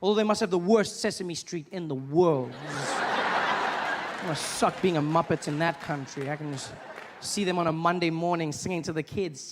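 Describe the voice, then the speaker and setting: A man's voice: on the high side, normal speed, in a large hall. A man performing a stand-up comedy set in a live venue, acting out voices as he tells stories. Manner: animated, acts out other voices and accents. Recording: live stage recording with noisy ambience.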